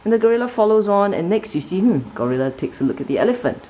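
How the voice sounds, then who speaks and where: A woman reviewing a children's picture book in a casual flip-through, narrating the pages in an animated storytelling way and often checking in with "right?". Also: quick pace, low-quality recording. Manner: animated storytelling, sudden pitch jumps on key words.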